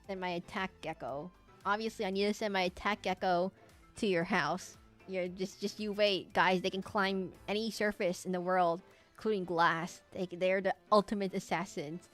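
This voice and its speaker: A woman's voice: fairly low pitch, steady tone, moderate pace, faint music behind. A young woman streaming while she draws, chatting casually in a rambling, giggly way that hops between tangents. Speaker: streamer drawing live. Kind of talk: casual chat while drawing.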